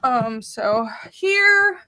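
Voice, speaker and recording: A woman being interviewed as a guest comic artist, chatting casually and upbeat in quick bursts over a video call. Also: high-pitched, big pitch swings, pushed and bright, no room sound.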